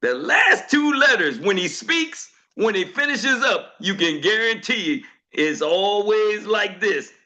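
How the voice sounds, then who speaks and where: High bright-voiced man hosting a call. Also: takes it slowly, few pauses. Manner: lively, laughs often, folksy turns of phrase. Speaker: host of a group coaching call. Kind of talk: casual motivational chat.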